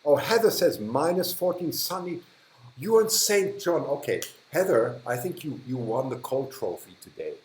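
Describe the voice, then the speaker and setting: A man's voice: medium pitch, sing-song, moderate pace, few pauses, a little mellow, a little hiss or hum. A man hosting a casual livestream, chatting and reacting to viewer comments. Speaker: livestream host. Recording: echoey room.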